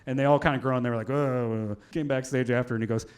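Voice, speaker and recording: A man doing a stand-up comedy set on a club stage, telling stories with energy, acting out shouted quotes and swearing. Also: mid-range voice, very fast. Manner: animated storytelling, acts out shouted quotes, swears. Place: comedy club stage before a live audience. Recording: live club audio with crowd laughter and noise. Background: audience laughing.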